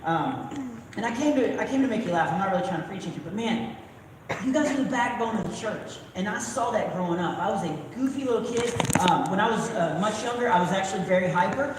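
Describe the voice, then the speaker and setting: A man performing live stand-up comedy at a church event, telling stories in an animated way and often breaking off mid-thought. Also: high voice, fast talker, background noise. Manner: animated storytelling with frequent self-interruptions. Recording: far mic in echoey hall, loud crowd laughter.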